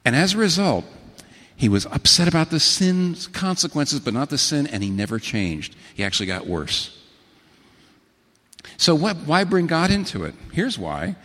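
A middle-aged man preaching a sermon as pastor, telling stories and quoting scripture with sudden swings between low, hushed phrases and raised, emphatic ones. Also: moderate pace. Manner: animated storytelling with sudden pitch swings and quotations. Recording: long hall reverb.

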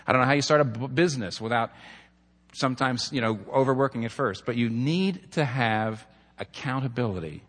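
A man's voice: medium pitch, expressive, fairly quick, a bit bright. A man preaching a sermon in an earnest, storytelling manner, building to emphatic points. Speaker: pastor. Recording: long hall reverb.

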